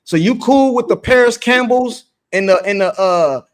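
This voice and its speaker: A man's voice: sits high, moderate pace, clean tone. A man co-hosting a casual sports debate, defensive and insistent, who stumbles, repeats and restarts his phrases. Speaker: sports show co-host.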